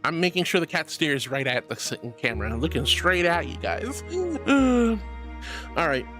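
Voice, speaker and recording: Man streaming, casual chat, lively swooping pitch, slightly high voice, faint music behind. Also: moderate pace. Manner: animated, gushing and playful, high bursts of excitement. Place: virtual-world live stream.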